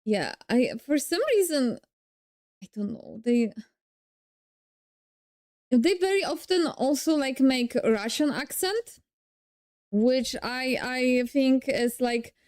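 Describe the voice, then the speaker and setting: A woman's voice: high voice, lively intonation, slow pace, long pauses, a little mellow. A young woman with a Polish accent, a streamer casually reacting and thinking aloud with frequent restarts.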